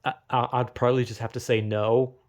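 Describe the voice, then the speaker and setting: A man's voice: mid-range voice, flat delivery, a little fast, darkish tone. A man in his twenties ranting casually in a profane, rambling, sarcastic way, with lots of fillers and restarts. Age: 20s. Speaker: vlogger. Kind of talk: casual monologue rant.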